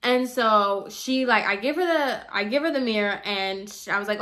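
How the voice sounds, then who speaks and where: A woman's voice: a little high, animated, normal speed, hardly any pauses, sharp tone. A young woman telling a chatty, exasperated story about a difficult salon client, full of "like" and "girl". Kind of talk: casual storytime vlog.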